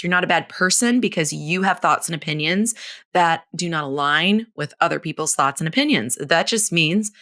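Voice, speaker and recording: A woman in her thirties hosting a solo podcast, coaching in a blunt, frank and animated way, swearing casually and laughing often. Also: on the low side. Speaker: podcast host.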